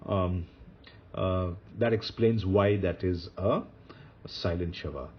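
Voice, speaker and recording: A man's voice: deep voice, slow. A man teaching Hebrew grammar in a recorded lecture, patiently repeating key rules and asking his listeners rhetorical questions. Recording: dull lo-fi recording.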